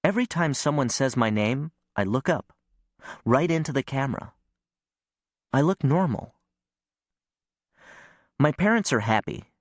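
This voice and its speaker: A man reading a novel aloud as first-person audiobook narration, calm and even. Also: mid-range voice, a little slow, long pauses, no echo, studio quality.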